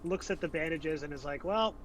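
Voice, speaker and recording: A man's voice: a little high, moderate pace, slight background noise, low-quality recording. A man narrating his character's actions in a tabletop game, rambling and searching for words. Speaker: player.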